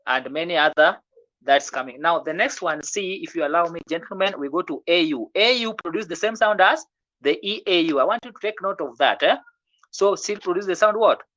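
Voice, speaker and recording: A language teacher giving an online French lesson, patiently encouraging students and repeating words slowly so they can drill them. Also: mid-range voice, fairly bright tone.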